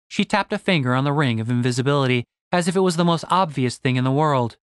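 A man narrating a comic fantasy audiobook with expressive storytelling. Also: medium pitch, fast, clean tone, dry recording, clean studio sound. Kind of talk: scripted narration.

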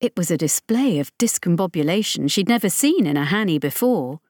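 Audiobook narrator, woman, lower-pitched, measured, dry studio sound. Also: no echo. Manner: measured, even storytelling.

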